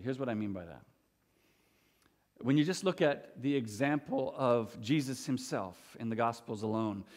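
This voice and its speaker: Earnest preacher man in a reverberant hall. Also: fairly high pitch. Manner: earnest, emphatic preaching with repeated restarts. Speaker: pastor. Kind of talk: sermon. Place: church sanctuary. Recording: long church hall reverb.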